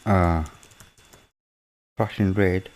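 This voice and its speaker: A man's voice: low voice, steady tone, very slow, a little mellow. A man from Birmingham with a Birmingham accent, a live-stream host chatting casually with viewers and muttering to himself as he works on his computer. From Birmingham, England. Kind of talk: casual chat with chat readers.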